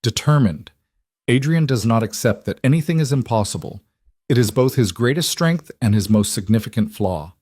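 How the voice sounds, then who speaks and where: A man reading the lines of a dignified elderly Italian woman with a formal, measured manner and an Italian accent. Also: mid-range voice, lively intonation, a little mellow, husky, dry recording. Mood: gracious.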